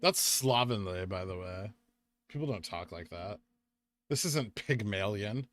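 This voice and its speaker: A young man hosting a casual livestream, chatting with viewers, reading out donations and making quick asides. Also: fairly low pitch, lively intonation, a bit bright. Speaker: livestream host.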